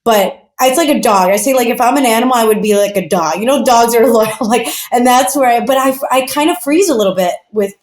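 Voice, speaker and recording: Woman guest, animated storyteller, bit high voice, roomy echo on the track. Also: a little fast, few pauses. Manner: animated, chatty, many fillers. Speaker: podcast guest. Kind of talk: casual storytelling.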